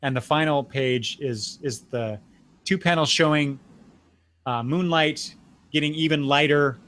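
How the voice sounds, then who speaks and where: A man's voice: fairly high pitch, measured pace, a bit bright. An older man hosting a podcast, recapping comic book scenes in a casual chat with frequent restarts and fillers. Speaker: podcast host.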